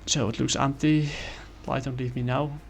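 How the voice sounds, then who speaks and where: A man's voice: mid-range voice, level tone, normal speed, gravelly, soft background music. A man giving a casual comic review, rambling with many fillers and apologies.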